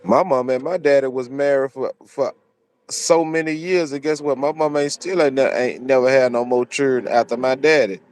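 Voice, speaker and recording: Speaking at normal speed with a medium-pitched, slightly mellow voice, this commentary channel host gives opinionated solo commentary. He preaches, hammering his points by repeating phrases again and again.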